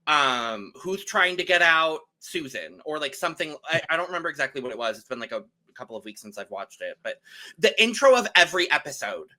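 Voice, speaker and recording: A man's voice: mid-range voice, big pitch swings, quick pace, bright, forceful tone. A man co-hosting a casual podcast interview, gushing enthusiastically with fillers. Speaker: podcast co-host.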